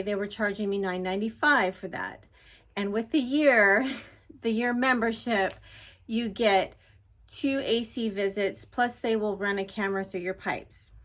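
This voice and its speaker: A woman's voice: medium pitch, fairly bright tone. A middle-aged woman vlogging casually into a handheld phone, rambling and apologizing as she vents about an irritating episode. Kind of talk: casual vlog chat. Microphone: handheld phone at arm's length.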